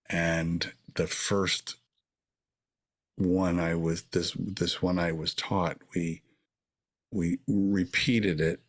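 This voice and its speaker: An older man co-hosting a podcast, talking in an earnest, reflective way and repeating words for emphasis. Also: low-pitched. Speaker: podcast co-host. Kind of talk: casual conversation.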